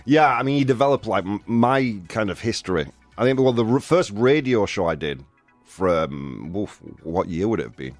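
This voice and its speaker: A man's voice: fairly low pitch, animated, normal speed, dry recording, soft background music. A middle-aged man hosting a show, chatting casually and self-deprecatingly, often restarting his sentences. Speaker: show host. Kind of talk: casual chat.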